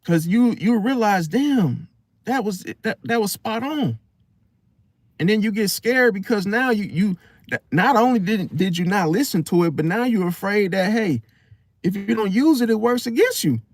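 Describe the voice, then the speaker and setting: A man's voice: sits high, moderate pace, dry recording. A man hosting an astrology talk, speaking casually with slang and acting out other people's thoughts. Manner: animated, slangy, acts out inner voices. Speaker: astrology channel host. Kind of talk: casual spoken monologue.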